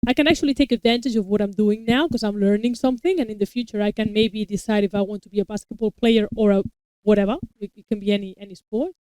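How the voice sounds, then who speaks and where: Smooth-voiced woman chatting at length. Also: mid-range voice, fairly even intonation, fast talker, warm tone, no room sound, rough recording. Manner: long talkative explanations with frequent restarts. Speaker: co-host reacting to a TV episode; parent of young children. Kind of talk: casual chat.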